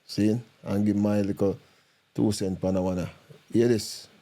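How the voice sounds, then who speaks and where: Man, Jamaican accent, mellow dark voice, casual reaction commentary, repetitive patois. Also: on the low side, unhurried. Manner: animated, repetitive, patois-heavy talk with restarts. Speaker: reaction video host.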